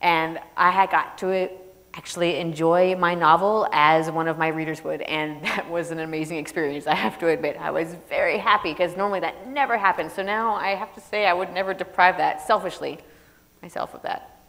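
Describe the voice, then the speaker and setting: A guest author tells funny stories in an onstage storytelling Q&A, speaking into a stage microphone before an audience on a large opera house stage. Her voice is fairly low and fairly quick, lively and full of laughter. The hall is reverberant, with faint noise.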